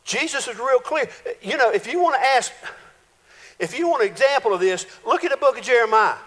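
Man, pastor, folksy animated sermon, high voice, long church-hall reverb. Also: a little fast. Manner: folksy, animated preaching with playful voiced quotes. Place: church sanctuary.

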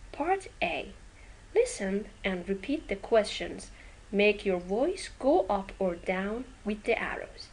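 A woman with a Persian accent, a native Persian speaker, teaching an English lesson and exaggerating rising and falling pitch in her examples. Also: slight background noise, low-quality recording. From Iran. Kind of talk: classroom-style language lesson.

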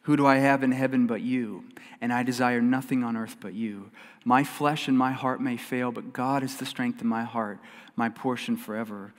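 Long reverb fills the church sanctuary as a male pastor preaches, his middling voice earnest and emphatic. Key lines come back again and again, and his delivery swings from loud stresses to soft, hushed stretches.

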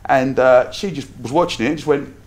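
A London man talks through his story at an easy, casual pace, acting out what people said and laughing as he goes. His voice sits in the middle range for a man, neither deep nor high. He comes across as a relaxed, chatty guest. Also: a little fast. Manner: lively anecdotes with acted-out quotes, frequent laughs. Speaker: podcast guest, entrepreneur.

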